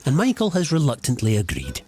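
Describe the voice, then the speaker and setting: A man's voice: medium pitch, huge pitch swings, fairly quick. A man narrating a documentary in a scripted voice-over with dry, wry storytelling. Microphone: studio voice-over. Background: music.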